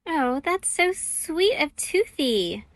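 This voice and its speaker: A woman's voice: high voice, sing-song, takes it slowly, dry recording, clean studio sound, pitched above the performer's own voice, heavily acted. A woman voicing a cheerful young baker girl in a children's cartoon, chatty and talking to herself. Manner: bright, chatty, talks to herself. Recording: background music under the voice.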